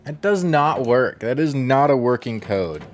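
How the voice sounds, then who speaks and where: An unhurried male streamer talks his viewers through a retro game session in a loose, rambling way. His pitch rises and falls freely, and he chuckles now and then as he chats. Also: animated, faint music behind. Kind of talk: casual gameplay chat.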